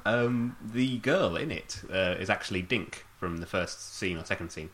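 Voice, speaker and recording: A man's voice: low voice, moderate pace, a bit bright. A man hosting a podcast, recapping a film plot in a sweary, dry-humoured way. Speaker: podcast host. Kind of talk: casual film recap chat.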